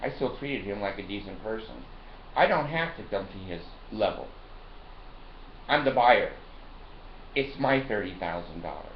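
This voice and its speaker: A man's voice: lowish voice, lively intonation, moderate pace, pauses often. Man ranting through a rambling story. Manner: profane, digressive, laughs between lines. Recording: roomy lo-fi recording with faint noise.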